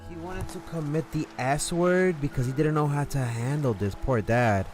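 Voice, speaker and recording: A man's voice: fairly high pitch, normal speed, a little mellow, faint music behind. A man streaming and commenting on a game in a casual, reflective way, often restarting his sentences.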